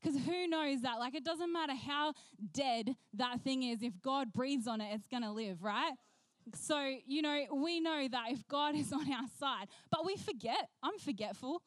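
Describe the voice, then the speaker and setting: A woman preaching a sermon, telling a personal story in an animated way and acting out the voices she quotes. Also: sits high, unhurried, no echo.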